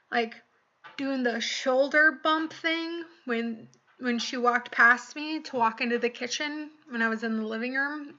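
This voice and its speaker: Young woman vlogger, higher voice with a bright edge, earnest storytelling, lo-fi sound. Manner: earnest, animated retelling with quoted voices. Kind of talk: personal storytelling to camera. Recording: dull lo-fi recording.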